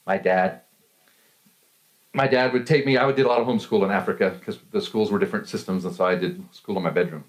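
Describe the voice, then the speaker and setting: A middle-aged man preaches a sermon in a mid-range voice. He tells personal stories, laughs often between phrases, and swings his pitch up and down as he speaks. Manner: storytelling with frequent laughs and lively pitch swings. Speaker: pastor.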